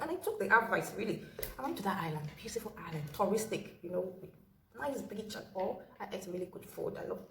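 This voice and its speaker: An earnest woman shares a personal story straight to camera, handing out heartfelt advice and driving her main points home by repeating them. Her voice is mid-pitched and sits in a roomy, echoey space with a faint hum of ambience behind it. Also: lively intonation, quick pace, gravelly. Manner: earnest, advice-giving, repeats key phrases. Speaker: vlogger telling a personal story. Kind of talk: casual storytime monologue.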